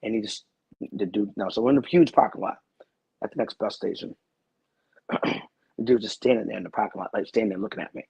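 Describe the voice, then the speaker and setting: A man's voice: on the low side, fast talker, creaky, long pauses, slightly rough, no room sound, dull audio. A man who is a guest on a talk show, telling a personal story in a rambling, earnest way and repeating his phrases.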